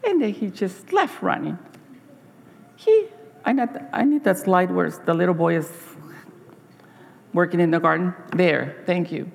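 A middle-aged woman giving a sermon as a church speaker, telling stories in a halting way, repeating words and acting out story voices. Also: on the low side, animated, vocal fry, long reverb tail.

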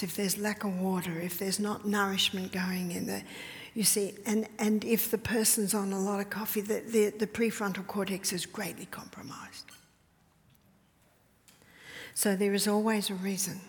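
A mother of several children tells stories to an audience at a health retreat, speaking at a normal speed in a medium-pitched voice that stays fairly level. She laughs often and drops to a whisper to stress her points. The recording has a long hall reverb.

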